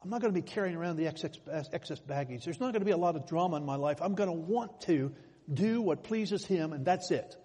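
A man preaching in a slightly high, husky voice that rises into emphatic swells as he tells his stories. The sound rings with the long reverb of a church hall. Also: animated, fast, warm tone. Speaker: pastor. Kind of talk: sermon.

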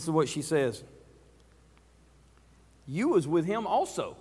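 A man's voice: a little high, very animated, slow pace, pauses often, a little mellow, slightly rough. A man preaching a sermon who retells scenes dramatically and acts them out. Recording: reverberant church hall.

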